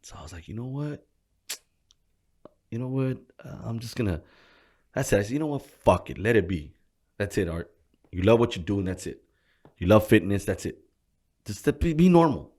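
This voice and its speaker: Low, gravelly man telling stories casually. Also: normal speed, pauses often. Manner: profane, animated storytelling with slang. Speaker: gym co-owner, interview guest. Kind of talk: casual storytelling interview.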